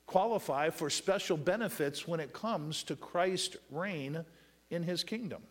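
A man preaching a sermon who reads scripture slowly, calls on the congregation to fill in words, and swings between loud raised passages and quiet asides. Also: on the high side. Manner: asks the congregation to finish verses with "what?"; reads scripture in slow drawn-out phrases. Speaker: pastor.

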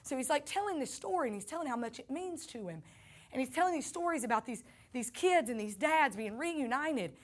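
A woman's voice: high-pitched, animated, brisk. A woman with a Southern accent giving an earnest personal faith testimony, speaking to her listeners as y'all.

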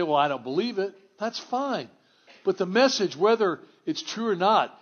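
A man preaching a sermon to a congregation in a church, conversational and wry, swinging from hushed to exclamatory. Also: high voice, lively intonation, moderate pace, dull audio. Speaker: pastor.

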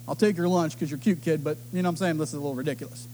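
A middle-aged man preaching a sermon, telling stories with animated delivery and acting out the voices of others. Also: fairly high pitch, very fast, slight background noise. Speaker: pastor.

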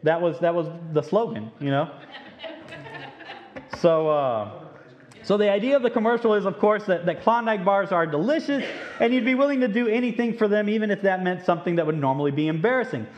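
A man giving an informal talk to a live audience through a microphone, speaking conversationally and acting out quoted lines. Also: sits high. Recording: dull lo-fi recording.

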